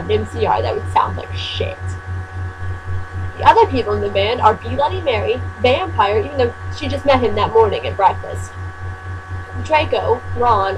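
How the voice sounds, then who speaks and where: A woman's voice: a little high, normal speed, over music, rough recording. Sarcastic woman reading with wry asides. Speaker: fan fiction reader and commentator. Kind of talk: comedic reading with commentary. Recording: steady mains hum.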